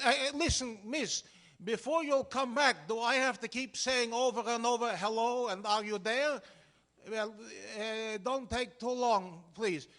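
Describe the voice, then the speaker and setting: A man's voice: very high voice, sharp tone, pitched above the performer's own voice, full character voice. A man playing a flustered immigrant businessman on the telephone, in a stage Yiddish dialect, exasperated and repeating himself as he mixes up his words in a vaudeville comedy sketch.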